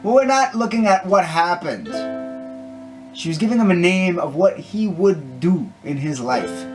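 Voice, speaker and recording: Man, slightly high voice, casual Torah talk, Hebrew and Yiddish terms, guitar playing clearly behind. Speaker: Torah teacher and singer. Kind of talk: short Torah talk with a story. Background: guitar music.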